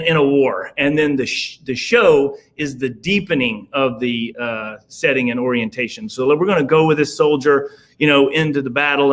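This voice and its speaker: A man's voice: on the high side, fairly bright tone. A man with a Southern US accent, a podcast guest talking in a rambling way, full of fillers and restarts. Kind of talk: casual conversation.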